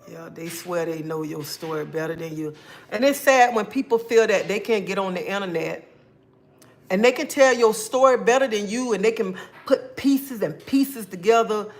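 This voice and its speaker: A woman hosts her own livestream, talking straight to her viewers in a loose, conversational way. She greets people one by one and slips in praise to God as she goes. Her voice sits in a middle pitch. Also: normal speed. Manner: greets viewers by name, devout, chatty. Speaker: livestream host. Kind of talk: casual livestream chat.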